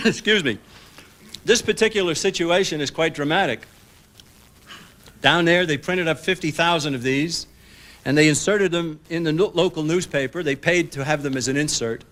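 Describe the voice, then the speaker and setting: A man, an author, giving a public lecture to an audience, folksy and emphatic, acting out what others said in lively asides. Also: fairly high pitch, moderate pace, long pauses. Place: public library lecture hall. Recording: 1990s broadcast recording.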